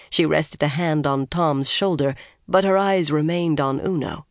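An audiobook narrator reading a fantasy novel in a steady, measured way. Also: mid-range voice, dry recording, studio quality.

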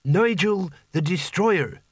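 A man's voice: high-pitched, lively intonation, takes it slowly, breathy edge, no echo, studio quality, pitched above the performer's own voice, full character voice. A man reading aloud, voicing a gangly, naive young man who earnestly wants to be a barbarian hero, in a raised voice. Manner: eager, earnest and chatty.

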